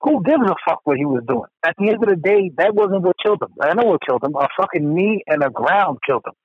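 A man talks in a casual podcast chat, heated and profane as he rants. His voice sits fairly high. The sound is dry and a little dull, with a lo-fi edge. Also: lively intonation, fast, breathy edge, no echo.

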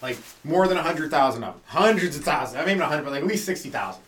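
A man's voice: a little high, animated, racing, a bit bright, roomy sound, distant mic, a little hiss or hum. A man doing a loose, profane comedy podcast monologue, full of rhetorical questions. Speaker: stand-up comedian podcast host.

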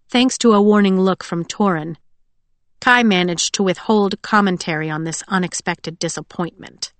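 A woman's voice: mid-range voice, a bit bright, dry recording. Woman narrating an audiobook, dry and close. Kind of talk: scripted narration.

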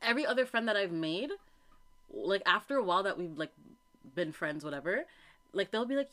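Young woman co-host, casual chat, swooping expressive delivery, acts out quotes. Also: medium pitch, fairly quick. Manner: animated storytelling with acted-out quotes. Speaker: podcast co-host.

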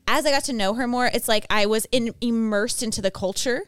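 A woman's voice: on the high side, fast, few pauses, no room sound. A tired woman from Texas, telling stories in a chatty, giggly way as a podcast co-host. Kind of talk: casual chat.

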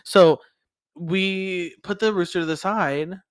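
A tipsy man co-hosting a podcast, retelling a story in a profane, giggly, animated way. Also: high-pitched, takes it slowly, clear, resonant tone. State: tipsy from drinking. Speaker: podcast co-host. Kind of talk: casual storytelling chat.

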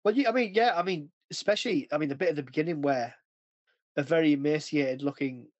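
Man chatting on a podcast, rambly, kinda high voice, dry close sound. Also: quick pace, dry recording, lo-fi sound. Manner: rambling, chatty, often breaks into acted quotes. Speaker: podcast host. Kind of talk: casual chat.

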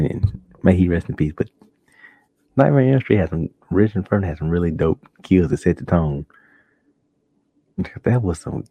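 A man's voice: slightly rough, dry recording. A man hosting a casual solo podcast, telling stories animatedly and acting out shocked reactions. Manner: animated storytelling, acts out shocked reactions in high voice. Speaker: podcast host. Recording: dull lo-fi dry home recording.

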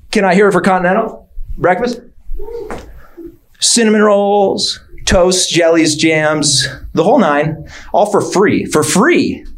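A man doing stand-up with a high voice that leaps all over the place. He works the crowd with questions and builds his bits to exaggerated, shouted punchlines. He delivers each joke with the full swing of a club comic. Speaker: stand-up comedian. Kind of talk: stand-up routine.

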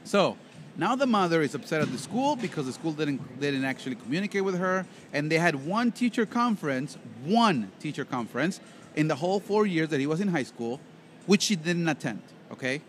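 A man with a slightly raised pitch hosts a loose podcast conversation and drifts between jokes and stories. His talk is rambling and playful. A faint hiss sits under his voice. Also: sing-song, a little fast. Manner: rambling, joking storyteller. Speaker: podcast co-host. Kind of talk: casual podcast chat.

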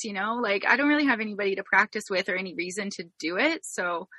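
A woman's voice: mid-range voice, expressive, quick pace, sharp tone, no room sound. A young Canadian woman hosting a podcast, telling a story in a bubbly, giggly way. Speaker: podcast host. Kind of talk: casual interview chat.

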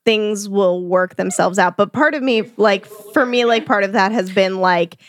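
A woman's voice: mid-range voice, normal speed, no echo, studio quality. A young woman in casual podcast chat, hedging and filling her talk with "like". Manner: hedging, many "like" fillers. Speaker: podcast co-host.

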